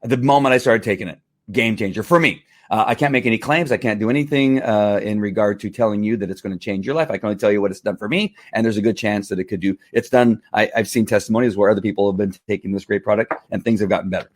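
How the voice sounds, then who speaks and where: A middle-aged man talking casually to camera in a testimonial vlog, animated and full of restarts and fillers. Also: lowish voice, fast. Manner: animated, acts out angry outbursts, many fillers and restarts. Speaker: vlogger selling wellness products.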